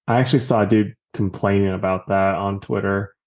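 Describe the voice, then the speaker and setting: A man's voice: fairly low pitch, steady tone, fairly quick, a little mellow. A man co-hosting a podcast, casually chatting about comics and retelling stories with jokes. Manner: storytelling, jokey retelling. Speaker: podcast co-host. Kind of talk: casual comic review chat.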